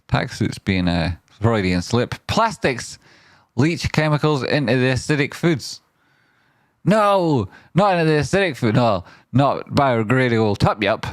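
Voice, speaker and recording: A man's voice: expressive, unhurried, no room sound. Playful man rambling on stream. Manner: playful, riffing, often jumps into a high silly voice. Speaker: trading livestream host. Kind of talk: rambling live-stream chat.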